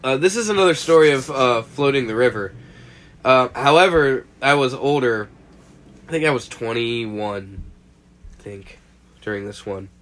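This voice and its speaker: A man's voice: medium pitch, moderate pace, long pauses. Young guy rambling through a story on a podcast, laughs a lot, swears casually, regular mid voice. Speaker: podcast co-host.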